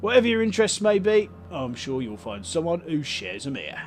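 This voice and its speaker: Cockney game councillor, big bearded man, calm and welcoming, lively up-and-down delivery, put on by a male player reading dialogue. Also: on the high side, brisk, soft background music, voice pushed up.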